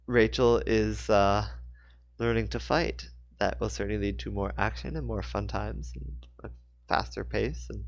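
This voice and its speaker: Low-voiced man reading his book. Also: vocal fry, dry recording. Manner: casual, self-correcting reader. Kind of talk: book reading with casual asides. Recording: dry, dull lo-fi.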